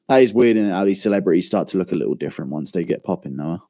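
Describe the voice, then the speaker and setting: A man's voice: on the low side, a little fast, hardly any pauses, warm tone. A man chatting loosely on a live stream, answering viewer questions with profane, rambling banter. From England. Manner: swears freely, rambling banter with lots of fillers.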